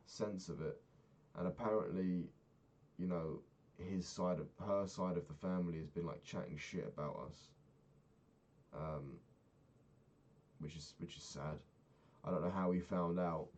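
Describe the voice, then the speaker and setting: A young man from England talking through a sad personal video diary, low-key, swearing a lot and trailing off, sounding down after crying. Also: moderate pace, a little mellow. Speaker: vlogger.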